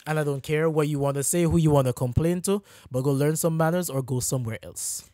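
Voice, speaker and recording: Male podcast co-host, lively ranter, higher-pitched voice, dry close sound. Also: quick pace, dry recording. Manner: animated ranting storyteller, mimics rude customers. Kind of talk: casual podcast chat.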